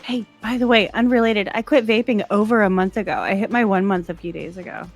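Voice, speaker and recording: A woman chatting as a player at a tabletop game, excitable and swearing freely. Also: medium pitch, fairly quick, soft background music. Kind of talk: casual chat at a tabletop game.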